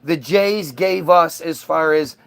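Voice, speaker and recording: High-voiced man rambling on a podcast. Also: slow, vocal fry, fairly bright tone. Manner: rambling, profane, emphatic. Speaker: podcast host. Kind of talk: casual chat.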